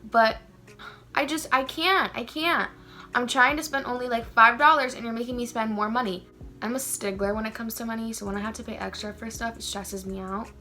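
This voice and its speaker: A young woman chatting casually as a beauty vlogger while doing her makeup, animated and playfully ranting. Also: a little high, a little fast, soft background music. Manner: chatty and animated, rants playfully with emphatic emphasis.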